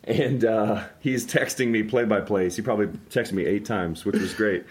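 A man's voice: lowish voice, fairly even intonation, normal speed. A man who is a podcast guest, telling stories in a teasing, joking way during a casual chat.

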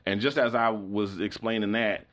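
A man's voice: fairly low pitch, normal speed. A middle-aged man hosting a podcast, telling a long story in a loose, rambling way and acting out the voices of the people in it. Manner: animated, acts out the voices of people in his story; rambling, full of "like" and restarts. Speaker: podcast host. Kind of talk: casual storytelling.

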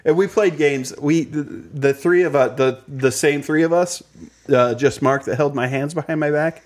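A man's voice: on the high side, normal speed, darkish tone. A young man on a podcast, telling a long rambling childhood story full of fillers and restarts. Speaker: podcast co-host. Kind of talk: casual storytelling chat.

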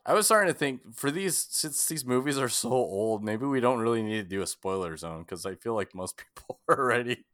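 A man's voice: mid-range voice, lively intonation, a little fast, few pauses, a bit bright, no room sound, studio quality. A man in casual podcast chat, telling stories animatedly and laughing often. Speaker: podcast co-host. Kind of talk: casual movie review chat.

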